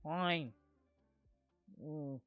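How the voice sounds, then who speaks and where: Talking very slowly in a higher, fairly bright voice, this VTuber chats as he draws on stream. His humor is sarcastic and self-deprecating, and he laughs often while soft music plays underneath.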